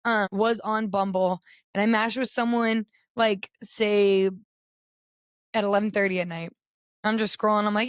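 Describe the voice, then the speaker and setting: A young woman with a slightly raspy voice tells dating stories as a podcast co-host. She is chatty and animated, and her pitch sits mid-range. The sound is dry and close on a studio mic. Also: a little fast, dry recording. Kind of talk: casual chat.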